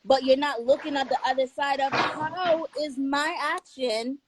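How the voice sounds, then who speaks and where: A woman's voice: sits high, fairly even intonation, noisy background. A woman in a casual podcast debate, challenging and questioning the others. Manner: challenging, questioning, quick to push back. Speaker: podcast panelist.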